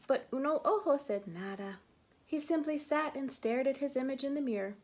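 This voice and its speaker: A woman reads a picture book aloud to children. She is playful and expressive, with a high voice. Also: normal speed. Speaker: children's story reader. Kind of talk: read-aloud storytelling.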